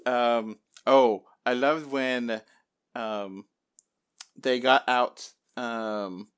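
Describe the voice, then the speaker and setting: A man hosting a casual spoiler chat about a film, rambling with lots of fillers and lively quoted reactions. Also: medium pitch, very slow, clear, resonant tone. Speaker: podcast host.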